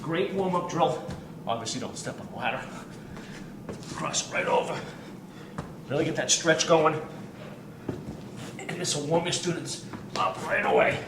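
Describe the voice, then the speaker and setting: A fitness coach demonstrates warm-up drills in a roomy gym, energetically counting reps while exercising and sometimes running out of breath. His fairly high voice is unhurried with long pauses, picked up by a distant mic amid ambient noise.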